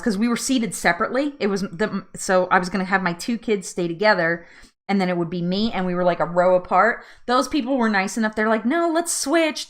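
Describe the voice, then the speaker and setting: A woman's voice: medium pitch, fairly bright tone. A woman hosting a live weight loss chat, telling a story casually, laughing often and acting out her own pleas.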